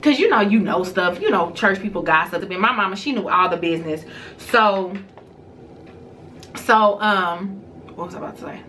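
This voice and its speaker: A woman vlogger telling a personal story to her viewers in a casual, animated way. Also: mid-range voice, normal speed, slight background noise.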